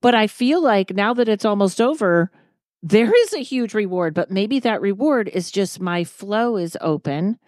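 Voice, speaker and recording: A woman's voice: mid-range voice, lively intonation, measured pace, a little mellow, no room sound. A woman hosting a podcast talks in a casual, reflective way, thinking aloud with many fillers. Her voice sits in a middle range and is recorded dry and close. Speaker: podcast host. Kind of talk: casual interview chat.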